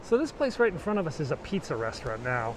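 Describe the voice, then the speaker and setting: A middle-aged man strolls a snowy city street and talks casually to his handheld camera. His voice sits a touch high, and he rambles from one anecdote to the next. Faint street noise and passing cars hum behind him. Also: big pitch swings, fast talker. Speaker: vlogger. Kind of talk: casual walking tour commentary.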